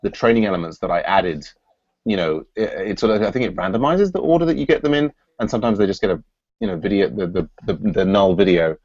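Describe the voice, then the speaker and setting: A man's voice: sits low, sing-song, quick pace, a little mellow, dry recording, lo-fi sound. A man hosting an online work meeting, thinking aloud with frequent restarts and fillers. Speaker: meeting host. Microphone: video call.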